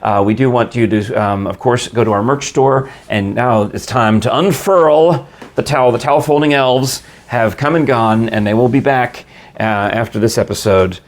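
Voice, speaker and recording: A man's voice: medium pitch, moderate pace. A man hosting a podcast, chatting casually and reading an ad in an enthusiastic, chatty way. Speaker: podcast host. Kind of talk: casual chat with ad read.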